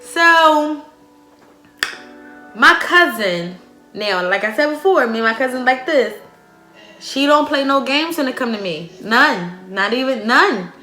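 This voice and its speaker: Young woman vlogger spilling a dramatic storytime, cussing a lot, bright voice, echoey room. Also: high voice, expressive, a little slow, pauses often, soft background music. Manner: profane, slangy. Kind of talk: casual storytime.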